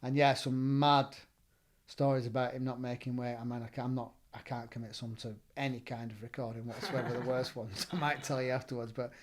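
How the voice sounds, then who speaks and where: A middle-aged man with a Northern English accent, telling stories in a relaxed chat as a gym owner and trainer, acting out the lines he quotes. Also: mid-range voice, a little fast. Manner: animated, acts out quoted dialogue. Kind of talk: casual storytelling.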